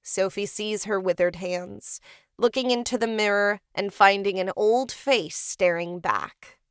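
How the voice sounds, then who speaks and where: A woman's voice: mid-range voice, measured pace, clean tone, no echo, clean studio sound. A woman co-hosting a podcast, recapping a film in a chatty, playful way. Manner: chatty and playful, cheering the heroine on. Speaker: podcast co-host. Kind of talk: reading a film recap, with asides.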